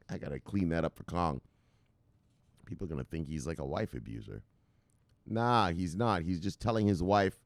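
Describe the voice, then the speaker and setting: An excitable man hosting a casual crypto livestream, reading out viewer comments with profanity and shouted catchphrases. His voice swings widely in pitch. The sound is dry and close. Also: normal speed, dry recording. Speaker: crypto channel host.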